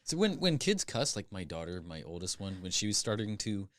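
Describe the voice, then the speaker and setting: Male podcast co-host, low voice, quick dry quips, dry close mic. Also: sing-song, fairly bright tone, no echo. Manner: wry quips and teasing asides. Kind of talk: casual chat.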